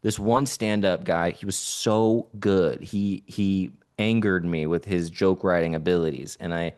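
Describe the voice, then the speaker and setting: A man's voice: low voice, steady tone, a little slow, darkish tone. A man co-hosting a podcast, chatting casually and rambling enthusiastically about a show he saw. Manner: enthusiastic, rambling with fillers and restarts. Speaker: podcast co-host. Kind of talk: casual chat.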